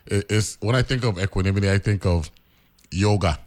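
A man's voice: lowish voice, fairly quick, darkish tone. A man hosting a casual radio interview, who stammers, repeats words and keeps checking in with "right?". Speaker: radio show host. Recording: radio broadcast.

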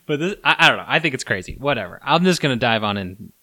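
A man hosting a casual podcast, telling a story in an animated way and acting out his own shouts. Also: mid-range voice, quick pace, no echo, clean studio sound. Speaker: podcast host.

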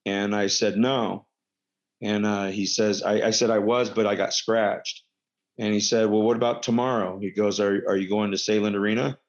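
This middle-aged man, once a professional wrestler, spins laid-back anecdotes at a normal speed in a level, lowish voice. His telling wanders, with many fillers and restarts to fix what he said, captured on a dull, low-fidelity recording.

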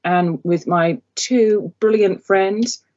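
A woman hosting a podcast in casual chat, chatty and a little nervous, often pausing on fillers. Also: mid-range voice, darkish tone, highs cut off. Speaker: podcast host.

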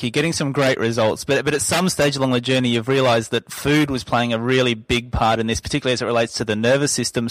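Fast-talking male interviewer. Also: mid-range voice, no echo, low-quality recording. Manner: long, winding questions.

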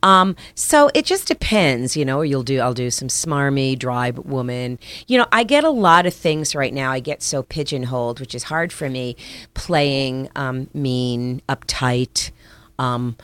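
A woman's voice: extremely low pitch, animated, measured pace, a bit bright, no echo. A woman actress, chatting casually in an interview with lots of fillers and restarts. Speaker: actress guest.

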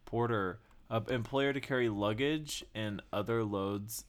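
A young woman co-hosting a podcast, with a remarkably deep, low voice. She chimes in with blunt wisecracks and casual swearing. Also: a little slow. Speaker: podcast co-host.

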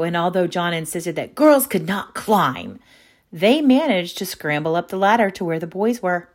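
A woman reading a children's story aloud, lively and acting out the characters with high voices.

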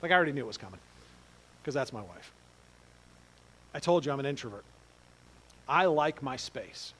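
A middle-aged pastor, preaching in a conversational storytelling way, dropping to quiet asides and rising to loud exclaims. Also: male voice, mid-range voice, expressive, fast talker, slight background noise, low-quality recording. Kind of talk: storytelling sermon.

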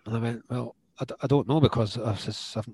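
A middle-aged Scottish man, a former footballer, telling stories in a lively way, acting out what others said and laughing along. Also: medium pitch, brisk, slightly rough, dry recording. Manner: animated, acts out quoted dialogue, laughs often. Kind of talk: storytelling anecdotes in conversation.

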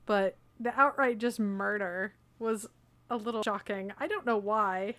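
A woman's voice: medium pitch, measured pace, a bit bright. A woman in casual chat about a book, giving her take in a reflective way and thinking aloud. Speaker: podcast co-host discussing a book.

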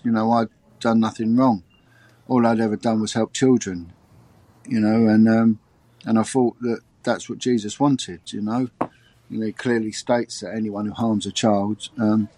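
Halting man, low dry voice. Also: darkish tone, no echo. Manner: halting, repeats words, many fillers. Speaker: former detective, interview guest. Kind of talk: emotional personal testimony.

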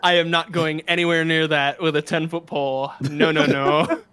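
Male podcast guest with a fairly high voice, dry and teasing delivery. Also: little pitch movement, moderate pace, pushed and bright, clean tone, no room sound. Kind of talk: casual chat.

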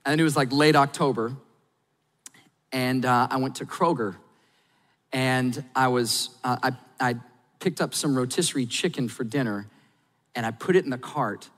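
A middle-aged man, a pastor, preaching a sermon and telling a personal story candidly, going quiet and soft at sad points and rising to urge his listeners. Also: mid-range voice, normal speed, pauses often. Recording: long hall reverb.

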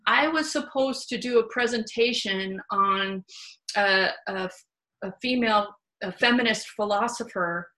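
A woman hosting a casual, candid conversation, telling stories in an animated way with the odd swear word. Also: medium pitch, unhurried, poor audio. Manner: animated, candid, salty storytelling. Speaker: host. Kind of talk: casual chat.

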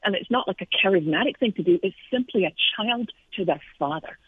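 Husky Scottish woman on a phone line. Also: medium pitch, lively intonation, brisk, no echo. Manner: earnest, reflective storytelling. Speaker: Christian author and speaker, guest. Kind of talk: casual interview on faith.

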